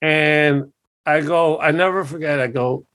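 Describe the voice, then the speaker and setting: A man, a record executive, telling a profane, animated story in a casual interview, acting out the quotes. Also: a little high, a little slow, clear, resonant tone, dry recording.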